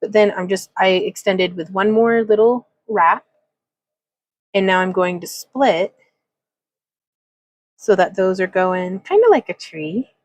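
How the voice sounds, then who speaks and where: A woman's voice: mid-range voice, slow, pauses often, dry recording, rough recording. A woman hosting a casual craft livestream, talking through a wire-wrapping demonstration in a chatty, rambling way, laughing often and reading chat comments aloud. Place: home craft room.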